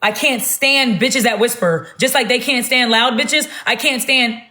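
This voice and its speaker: A woman talking loudly and bluntly in a casual livestream rant on her phone. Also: fairly high pitch, unhurried. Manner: loud, blunt and emphatic.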